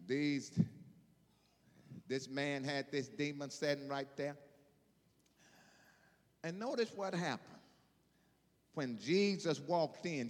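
A man preaching an emphatic sermon, repeating phrases and building to shouted peaks. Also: a little high, long reverb tail. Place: church.

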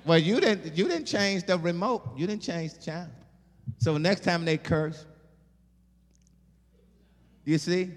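Preacher, male, lively call-and-response sermon, echoing sanctuary. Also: sits high, slow, long pauses. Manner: animated, call-and-response, laughing asides. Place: church sanctuary. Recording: long hall reverb.

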